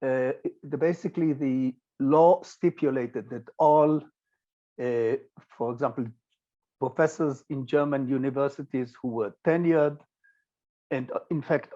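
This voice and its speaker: An older man with an Israeli accent giving a physics lecture, pausing often with fillers and restarts. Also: mid-range voice, dark tone, lo-fi sound. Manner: hesitant, many filler sounds and restarts. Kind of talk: recorded lecture with slides.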